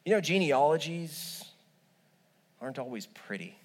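Male pastor, sermon delivery, higher-pitched, comic and animated storyteller. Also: measured pace, slight background noise. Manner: humorous, animated storytelling with asides.

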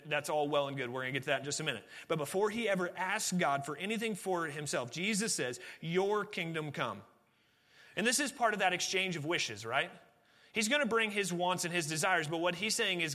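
A male pastor delivering a sermon with a bright, ringing voice that sits a little high. He speaks earnestly, lifting key phrases with force, then easing into softer, intimate asides. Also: big-room sound. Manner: earnest preaching, rising emphasis then dropping to quiet.

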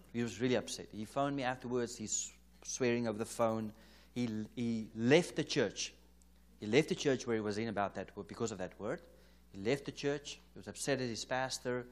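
At a church conference, a South African man preaches by telling an anecdotal story in a conversational way. He acts out the dialogue line by line and chuckles now and then, his voice at an ordinary male pitch.

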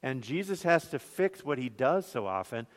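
A man's voice: medium pitch, sing-song, normal speed, long reverb tail. A man with a Northern Minnesotan accent preaching a sermon as pastor, conversational, with rhetorical questions and joking asides. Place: church.

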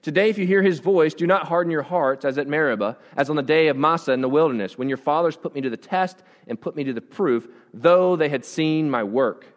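A man's voice: fairly high pitch, fairly quick, few pauses, big-room sound. A pastor preaching a conversational sermon to his congregation, often restarting his phrases. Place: church.

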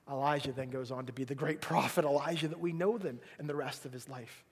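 A man preaching a sermon, retelling scripture stories with lively voices and dropping to a hush for God's words. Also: medium pitch, fast, hardly any pauses, slightly rough. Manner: animated, drops to a hushed whisper when voicing God.

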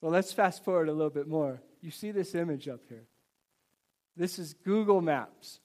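A man preaches to his congregation with a high, bright voice. He moves between casual storytelling and earnest exhortation, animated and conversational. It sounds like a live church sermon. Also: moderate pace. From United States. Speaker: pastor. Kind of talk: sermon with personal stories. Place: church service before a congregation.

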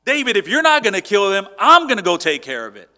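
A man's voice: high voice, huge pitch swings, quick pace, pitched above the performer's own voice, heavily acted. A man doing a hotheaded, incredulous soldier. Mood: incredulous, heated. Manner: incredulous, loud, pushy. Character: indignant armed soldier, adult man, hotheaded.

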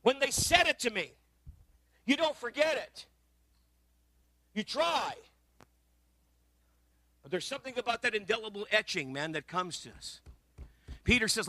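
A middle-aged man preaching as a guest pastor, telling stories conversationally and swinging from loud emphasis to quiet asides. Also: high-pitched, expressive, normal speed, pauses often, dry recording, poor audio. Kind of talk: sermon.

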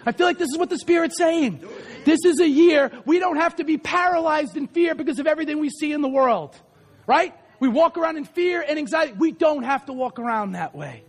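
A man leads a fervent sermon and prayer, his voice unusually high. He swings between shouted declarations and quiet, intimate appeals, with faint music playing behind him. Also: expressive, a little fast. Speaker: pastor.

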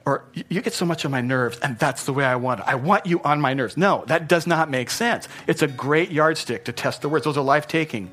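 A man preaching a sermon in a church, earnest, repeating phrases for emphasis and swinging from soft to loud. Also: a little high, a little fast, few pauses, faint music behind. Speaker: pastor. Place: church hall.

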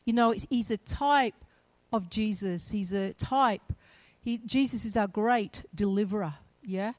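A woman preaching a sermon, retelling a story with shifts from quiet to loud, emphatic passages. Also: mid-range voice, measured pace, dry recording.

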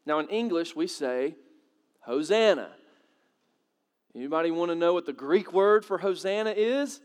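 A man with a high voice preaches a sermon to his congregation. He talks in a loose, conversational way, asks questions, and rises to dramatic peaks. His voice carries a long echo from the hall around him. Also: fairly quick, clean tone. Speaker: pastor.

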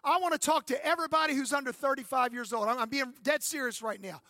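High-voiced, bright-toned preaching pastor. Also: male voice, fast talker, no room sound, studio quality. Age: 50s. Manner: emphatic preaching with calls for amen. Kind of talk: sermon.

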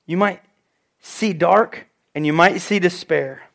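Male preacher, light high voice, emphatic storytelling sermon. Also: slow pace, vocal fry, a bit bright.

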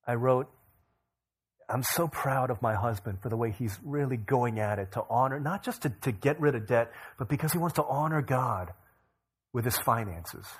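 A male pastor preaching, telling a story with rising bursts of energy and quiet low drops. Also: breathy edge. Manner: energetic storyteller who rises in pitch and volume for emphasis, then drops low. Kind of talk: sermon storytelling.

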